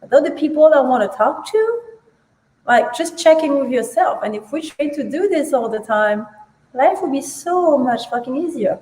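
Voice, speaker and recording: A woman co-hosting a casual talk, her voice slightly high. She thinks out loud, circling back to repeat her main phrases. Her voice rings out in a reverberant, roomy space. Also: animated, moderate pace. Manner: reflective, repeats phrases for emphasis. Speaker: co-host. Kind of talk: casual chat. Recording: echoey room, long reverb.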